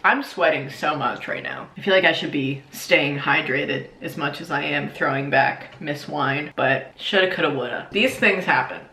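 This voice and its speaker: A woman's voice: low voice, unhurried, echoey room, noisy background. A young woman chatting casually and self-mockingly as she sews, a little tipsy. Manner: chatty, self-mocking, slips into silly voices. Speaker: YouTuber. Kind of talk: casual comedic vlog while sewing and drinking.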